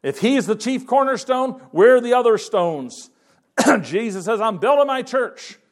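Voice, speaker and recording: A man's voice: very high-pitched, lively intonation, a little slow. A man preaching a conversational sermon to his congregation in church, with frequent restarts and fillers. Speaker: pastor.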